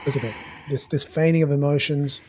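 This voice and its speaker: Man, high voice, animated casual commentary full of fillers and restarts, analysing a clip. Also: fairly quick, a little hiss or hum.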